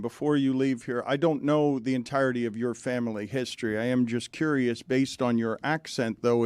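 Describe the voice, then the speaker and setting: A man's voice: medium pitch, darkish tone, clear, resonant tone, no room sound. Earnest man hosting a show. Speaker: show host. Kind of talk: interview questions.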